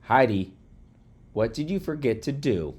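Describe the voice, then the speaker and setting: A man's voice: mid-range voice, expressive, a little slow, a little mellow, voice pushed up. A man voicing a firm, kind woman schoolteacher speaking to her class. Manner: firm and clear.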